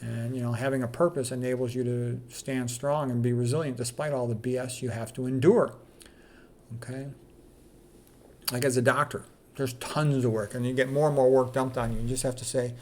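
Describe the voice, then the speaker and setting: A man's voice: mid-range voice, steady tone, moderate pace. A middle-aged man, a doctor, reading quotes aloud and commenting on them in a candid, casual way with plenty of fillers.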